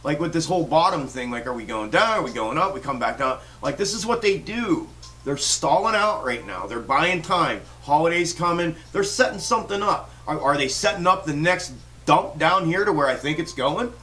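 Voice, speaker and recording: A man with a slightly high, expressive voice hosts a stock trading livestream at normal speed, sounding pushed and bright on a distant mic. He rants in a fired-up way, swearing constantly and restarting his sentences as he rambles.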